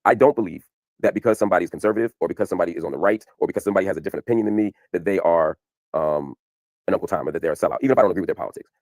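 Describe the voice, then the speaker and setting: A man with a low voice explains his side of a televised exchange at a rapid clip. He stresses his points hard and stays animated throughout. The recording is dry and close. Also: no echo. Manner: emphatic, animated. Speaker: commentator explaining a TV appearance. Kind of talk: fast explanatory commentary.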